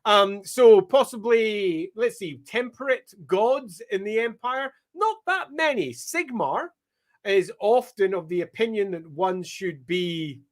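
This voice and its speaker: A Scottish man with a noticeably high-pitched voice chats casually on a livestream. He thinks aloud as he goes, hesitating with frequent ums and pausing to welcome viewers by name. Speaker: livestream host. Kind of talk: casual livestream chat while mapping.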